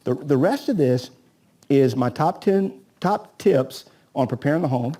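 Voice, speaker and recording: A man's voice: mid-range voice, lively intonation, a little slow, mellow. A man coaching a live seminar audience, tossing in rhetorical questions and acting out his talks with sellers. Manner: rhetorical, keeps asking "right?"; acts out agent-seller dialogues. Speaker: real estate coach.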